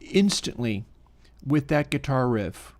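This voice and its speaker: A man's voice: medium pitch, takes it slowly. A man hosting a livestream, giving casual, musing technical commentary while he edits audio. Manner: relaxed, musing, talks while working. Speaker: livestream host.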